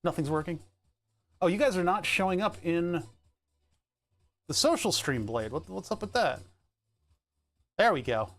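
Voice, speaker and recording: A man's voice: sits high, lively intonation, unhurried, pauses often, a bit bright. A nasal-voiced American man rambling casually to his live-stream viewers while he works, laughing often. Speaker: livestreamer.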